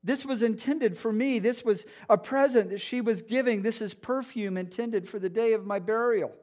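A man voicing a teacher who firmly defends a woman against critics, with a stern and pleading tone, in a high voice. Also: moderate pace, a little mellow, natural voice. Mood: firm rebuke.

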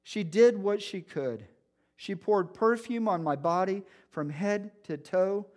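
A stern, pleading voice sets critics straight as a man stands up for a woman, performed by a preacher within his sermon. It sits high, and the rebuke comes with real firmness behind it. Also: lively intonation, slow pace, a little mellow. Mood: firm rebuke. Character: man speaking firmly, defending a woman.

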